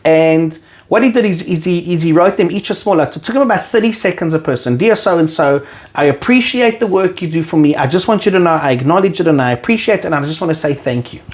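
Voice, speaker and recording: South African man, lively storytelling voice. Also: fairly high pitch, fast talker. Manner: animated storyteller who acts out quoted dialogue. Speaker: podcast guest, rabbi. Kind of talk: casual conversation.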